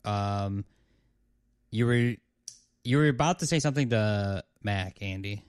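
A man narrating a tabletop game as game master, halting with fillers. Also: fairly low pitch, smooth, dry recording, studio quality.

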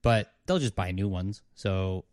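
A man narrating a tabletop game as game master, halting with fillers. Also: low voice, a little mellow, dry recording.

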